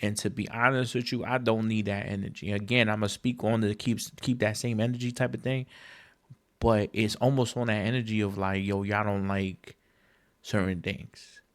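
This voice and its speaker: A man's voice: flat delivery, normal speed. Man ranting emphatically on a podcast. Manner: emphatic, slang-heavy, profane rant that jumps in pitch when exasperated. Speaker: podcast host. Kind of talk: casual solo monologue.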